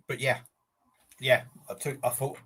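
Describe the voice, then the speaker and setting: Older man, husky and flustered. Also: mid-range voice, little pitch movement, unhurried, fairly bright tone. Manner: breathless, rambling, swears, talks through a burning mouth. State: mouth burning from chilli, sniffly and sweating. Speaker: livestream host. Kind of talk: casual live eating challenge chat.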